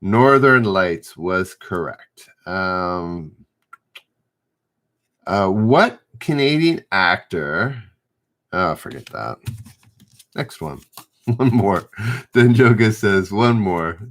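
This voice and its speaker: A middle-aged man runs a live trivia stream, reading each question out and then going back over it when he trips on the wording. His voice sits a little low, and he speaks in an unhurried, drawn-out way while he calls out viewers' answers. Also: lively intonation, fairly bright tone. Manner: reads questions aloud, stumbles and rereads, chats with viewers. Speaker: trivia host.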